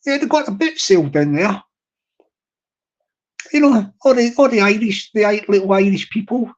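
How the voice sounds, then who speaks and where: A man's voice: high-pitched, expressive, moderate pace, dull audio. Rambling, teasing male streamer. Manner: rambling, teasing, restarts and repeats himself. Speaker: live streamer. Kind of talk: rambling casual chat to a live audience.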